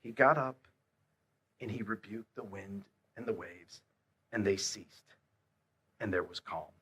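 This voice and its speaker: Bright, forceful male preacher. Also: on the low side, unhurried, husky. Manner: dynamic, swings from hushed to loud emphatic questions. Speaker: pastor. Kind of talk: sermon.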